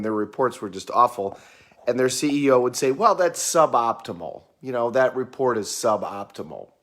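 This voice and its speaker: A man's voice: mid-range voice, fairly bright tone. A man hosting a casual motivational talk, speaking conversationally with frequent fillers and restarts.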